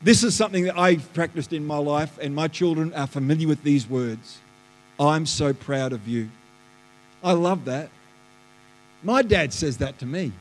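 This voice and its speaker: A man, a pastor preaching a lively sermon that swings between loud bursts and hushed asides, in a church auditorium. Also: fairly high pitch, moderate pace. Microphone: live stream stage mic. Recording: live church hall reverb.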